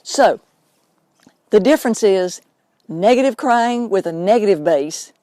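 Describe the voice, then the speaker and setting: A woman's voice: medium pitch, animated, measured pace, dark tone. A woman hosting her own show, talking unscripted to camera in an earnest, explaining way and drawing out words for emphasis. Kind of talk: unscripted direct-to-camera talk.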